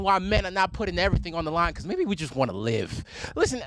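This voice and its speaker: A man going on a profane, animated rant during a podcast. His pitch swings widely and sits a bit above average. The sound is dry and close, from a studio microphone. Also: fast, no room sound.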